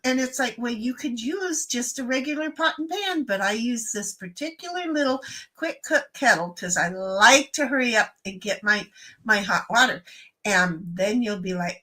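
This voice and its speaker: Bright, high-voiced woman spinning animated stories. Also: moderate pace. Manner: animated storyteller who acts out other voices. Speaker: stream host. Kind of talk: casual live-stream chat.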